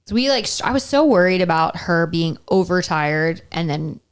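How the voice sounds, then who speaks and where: A woman's voice: lowish voice, lively intonation, moderate pace, clear, resonant tone. A woman co-hosting a casual podcast, talking animatedly, going into mock-indignant rants and laughing often. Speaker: podcast co-host. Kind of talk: casual chat.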